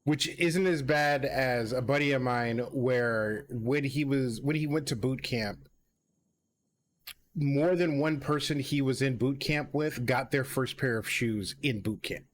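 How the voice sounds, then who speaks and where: A man streaming a co-op game, talking casually in a relaxed, matter-of-fact way. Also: mid-range voice, measured pace, a little hiss or hum. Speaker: streamer playing co-op. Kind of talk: casual gaming chat.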